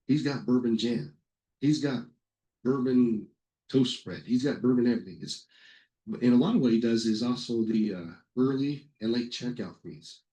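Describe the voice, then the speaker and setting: A middle-aged man presenting a software webinar in a casual, rambling way, telling anecdotes with lots of fillers and self-corrections. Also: mid-range voice, low-quality recording.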